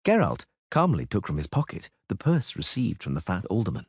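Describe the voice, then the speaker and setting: A man reading a fantasy audiobook aloud, voicing every character himself with expressive delivery. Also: fairly low pitch, moderate pace, gravelly, hardly any pauses, breathy edge, no echo, clean studio sound. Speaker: audiobook narrator. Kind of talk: scripted narration.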